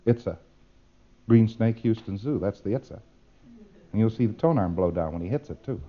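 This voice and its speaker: A man's voice: fairly low pitch, animated, moderate pace, highs cut off. A man giving a demonstrative lecture, acting out exchanges with playful repetition.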